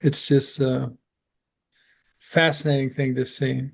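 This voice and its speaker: A man's voice: medium pitch, flat delivery, takes it slowly, creaky, husky. An older man chatting casually in an online class, rambling and trailing off mid-sentence. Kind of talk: casual chat.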